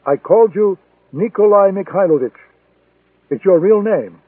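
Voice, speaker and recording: A man's voice: high-pitched, animated, normal speed, slightly rough, no echo, pitched above the performer's own voice. A man doing a defiant agent, accusing, tinny. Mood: coldly accusing. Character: defiant male intelligence agent, calm but furious. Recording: tinny phone-like sound, dry.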